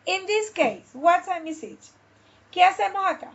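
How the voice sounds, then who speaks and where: A woman with a Spanish accent teaching an English class, repeating phrases slowly and switching between English and Spanish. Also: extremely high pitch, very animated, gravelly. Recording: dull lo-fi sound.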